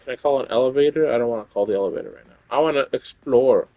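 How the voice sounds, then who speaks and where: A young man streaming a video game, swearing excitably and reading in-game notes aloud. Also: mid-range voice, racing, no room sound, dull audio. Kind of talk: casual live gameplay commentary.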